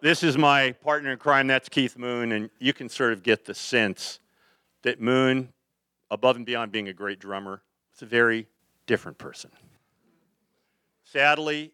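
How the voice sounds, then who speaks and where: An older man, a photographer, telling lively rambling anecdotes to a live audience, slipping into acted quotes. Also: mid-range voice, clean tone, dry recording.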